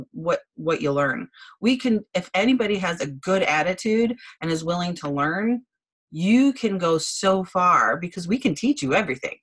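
A woman's voice: on the low side, fairly bright tone, poor audio. A chatty, bubbly woman giving a blunt training talk as a team director on a video call. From Wisconsin, USA.

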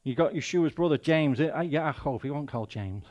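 Mancunian male guest preacher, fairly high voice, emphatic, rhetorical questions. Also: lively intonation, normal speed, darkish tone, muffled recording. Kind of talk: sermon.

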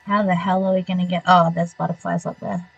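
A woman's voice: fairly low pitch, flat delivery, brisk, vocal fry, husky, no room sound, dull audio. Chatty Australian woman streaming a game. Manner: chatty, muttering reactions to the game, laughs easily. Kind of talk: casual gameplay chat with live viewers.

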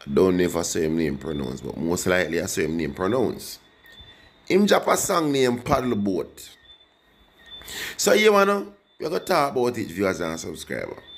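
A man's voice: deep voice, moderate pace, slightly rough. A young man with a Jamaican accent, rambling casually in patois as he reviews a song for his viewers. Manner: rambling, animated, speaks in patois, addresses viewers. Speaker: music reaction vlogger.

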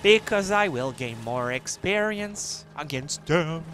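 A man giving let's play commentary, excitable and yelling his reactions at enemies over game music. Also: on the high side, slow. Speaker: gamer.

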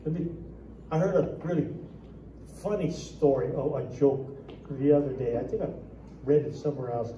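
A man preaching a sermon as pastor, animated and emphatic, telling a joke and reading scripture. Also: mid-range voice, normal speed, long pauses, roomy sound, recorded from a distance, a little hiss or hum, rough recording. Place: church sanctuary.

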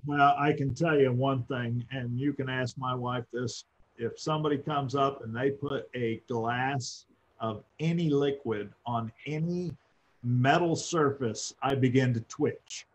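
A man's voice: medium pitch, steady tone, a little slow, poor audio. A man co-hosting a casual live-stream chat, hesitant with many ums and uhs. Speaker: co-host.

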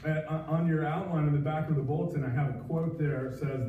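A male pastor delivers a sermon in an easy, conversational way, with frequent small pauses and fillers. His voice is mellow and mid-pitched, picked up from a distance in a very echoey church. The livestream sound is dull, with faint room noise behind him. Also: fairly even intonation. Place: church sanctuary.

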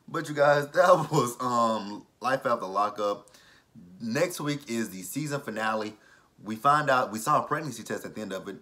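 A man hosting a casual reality TV recap vlog, animated and profane, laughing often. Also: medium pitch, moderate pace.

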